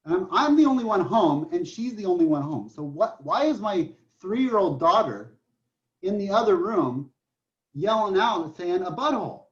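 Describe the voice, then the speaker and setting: A man's voice: high-pitched, very animated, moderate pace. A man in his forties teaching a math class online, chatty and joking, telling stories between problems. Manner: joking, storytelling, chatty with restarts. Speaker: math professor. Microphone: computer mic on a video call. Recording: dull lo-fi online class audio.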